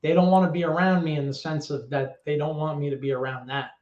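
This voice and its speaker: A man's voice: a little high, steady tone, quick pace, a little mellow. A man with a New York accent telling personal stories in a rambling, profane way, full of fillers and restarts. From the Bronx, New York. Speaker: guest. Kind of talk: casual personal storytelling. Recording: roomy, dull lo-fi sound.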